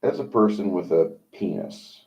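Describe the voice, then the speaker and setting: A man's voice: low voice, dark tone. A man hosting a livestream, talking in a rambling, opinionated monologue with many halts. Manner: rambling, opinionated, halting with fillers. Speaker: livestream host. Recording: dull lo-fi sound.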